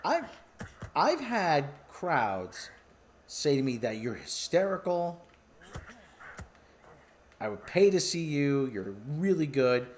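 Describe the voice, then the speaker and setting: A man rambling through a stand-up comedy monologue, musing aloud, often stopping to clear his throat. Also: fairly high pitch, very animated, slow pace, long pauses.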